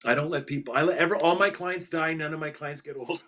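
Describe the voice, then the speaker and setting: In a very noisy recording, a middle-aged man with a slightly high voice talks at a quick pace as a podcast guest. He's a financial advisor telling animated stories with emphasis, repeating his punchlines and laughing at his own jokes.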